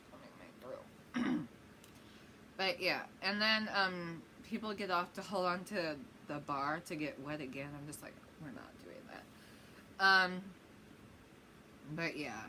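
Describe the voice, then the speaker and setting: A woman's voice: lowish voice, sharp tone, slight background noise. A woman vlogger telling a rambling, chatty story-time tale.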